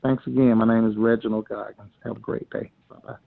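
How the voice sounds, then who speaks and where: A man with a Southern US accent calls in to ask a question, speaking slowly and haltingly and repeating words. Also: lowish voice, little pitch movement, gravelly, no echo. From Atlanta, Georgia, US. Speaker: caller. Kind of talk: phoned-in question. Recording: dry tinny phone line.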